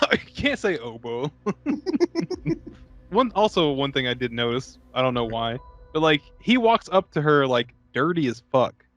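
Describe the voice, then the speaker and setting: A man's voice: a little high, wildly swooping pitch, fairly bright tone, faint music behind. A man co-hosting a podcast, riffing loosely on a movie and swearing casually while he talks. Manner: loose, sweary, quick to riff. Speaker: podcast co-host. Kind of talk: casual movie chat over beer.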